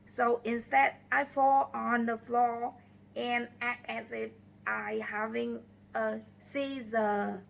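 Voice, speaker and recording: A woman narrating a simple scripted story in slow, deliberate short phrases. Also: on the high side, fairly even intonation, gravelly, a little hiss or hum, rough recording. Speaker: storyteller for English learners.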